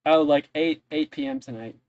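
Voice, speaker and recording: A man's voice: fairly high pitch, moderate pace, no echo, dull audio, lightly acted. A man playing a chatty innkeeper woman. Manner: rambling, casual, many fillers.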